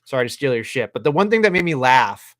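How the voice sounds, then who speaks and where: A man's voice: mid-range voice, very animated, quick pace, a bit bright, dry recording, clean studio sound. Man ranting profanely on a podcast. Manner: profane, exasperated rants. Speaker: podcast co-host. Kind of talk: casual wrestling podcast chat.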